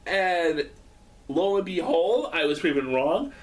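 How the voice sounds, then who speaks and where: A man doing a rambling casual vlog at home, excitable and profane, laughing often. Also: fairly high pitch, slow pace, far from the mic. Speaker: vlogger.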